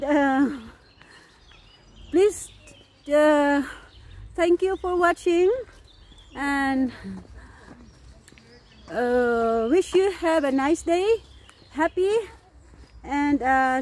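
A woman's voice: high voice, drawn-out words, long pauses, darkish tone. A woman from the Philippines, vlogging casually on an outdoor walk, laughing often and restarting her sentences. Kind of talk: casual vlog chat.

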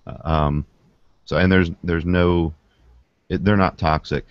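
Very low-voiced hesitant man. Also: steady tone, measured pace, no room sound. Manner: hesitant, repeats words. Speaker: podcast co-host. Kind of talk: casual chat. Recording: dull lo-fi podcast audio.

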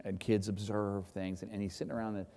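A man's voice: on the low side, quick pace. Man telling a story in a reverberant hall. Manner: animated storyteller, acts out shouting. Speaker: keynote speaker. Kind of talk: storytelling speech. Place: large event hall.

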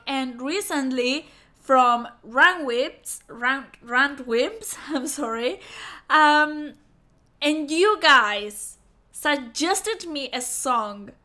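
A woman hosting a music reaction video in casual chat, effusive and excitable, often repeating herself. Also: sits high.

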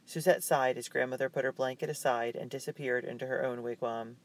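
A male audiobook narrator reading a chapter book at a measured, even pace. His delivery is calm and steady, built for storytelling. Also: mid-range voice.

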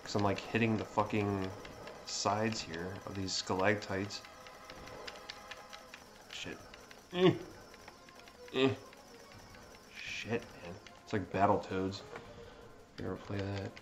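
A man giving live commentary on his own gameplay, swearing constantly and breaking into excitable outbursts. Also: lowish voice, slow pace, pauses often. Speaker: let's play streamer. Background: game music.

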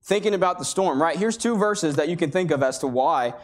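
A man preaching a sermon in a church, his voice a touch high for a man. He talks to the congregation in a loose, conversational way, slipping into the voices of the people he quotes. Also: animated, fairly quick. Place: church sanctuary.

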